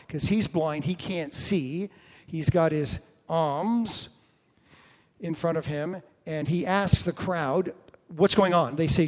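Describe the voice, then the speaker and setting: A man preaching a sermon, retelling stories and acting out the people in them, now and then breaking into a shout. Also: fairly high pitch. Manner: storytelling, acts out quoted voices with sudden shouts. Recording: long hall reverb.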